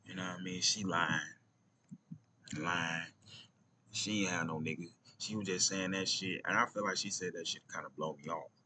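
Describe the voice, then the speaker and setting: Brief: deep Atlanta man vlogging, loose slang, slips into near-whispers, noise behind him. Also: fairly even intonation, moderate pace, pushed and bright. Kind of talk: casual storytelling vlog.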